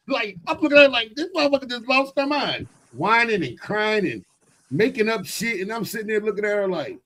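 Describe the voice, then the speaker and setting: A middle-aged man co-hosting a podcast, telling stories in blunt, profane, animated casual chat. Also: high-pitched, normal speed, poor audio. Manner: blunt and emphatic. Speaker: podcast co-host.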